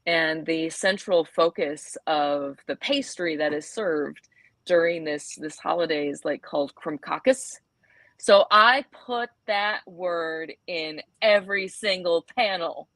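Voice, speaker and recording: A woman guest on a casual podcast tells stories at an unhurried pace. She is animated and quick to laugh. The sound is dry and close, with no room around her. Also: on the low side, dry recording. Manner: animated storyteller, laughs often. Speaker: comics creator guest.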